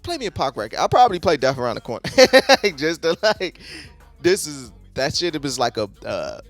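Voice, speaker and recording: A man's voice: a little high, sing-song, brisk, faint music behind. A man giving a casual album review, talking loosely with lots of cursing and filler words. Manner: loose, profane, heavy on "like". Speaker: music reviewer.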